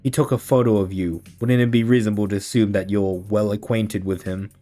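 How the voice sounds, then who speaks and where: A stiff, formal woman officer , as a streamer puts her on, in a story reading, speaking clipped and proper in a lowered, mellow voice. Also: fairly even intonation, brisk, faint music behind, natural voice.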